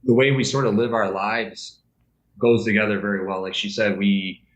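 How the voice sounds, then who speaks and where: A man's voice: fairly low pitch, fairly even intonation, moderate pace, roomy sound, slight background noise, low-quality recording. A man chatting as a podcast guest, rambling and hesitant with lots of fillers. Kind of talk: casual podcast chat.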